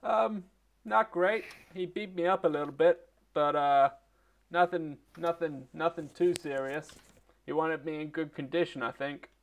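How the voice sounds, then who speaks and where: A man's voice: on the high side, measured pace, vocal fry, voice pushed up. A man voicing a jittery, frightened young male prisoner who stammers in a panic. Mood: nervous.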